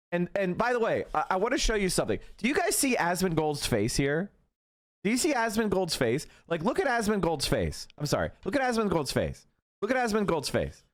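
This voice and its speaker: A man mocking a politician's claims in profane, incredulous streamer commentary. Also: on the high side. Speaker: streamer reacting to clip.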